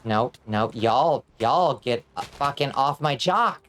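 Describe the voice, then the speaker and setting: A woman chatting loosely with her viewers while she plays a game. She talks in a relaxed, casual way, then yelps and curses whenever the game turns on her. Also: very deep voice, slow. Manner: excitable, screams and swears when in danger. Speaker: streamer. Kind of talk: casual gaming stream chat.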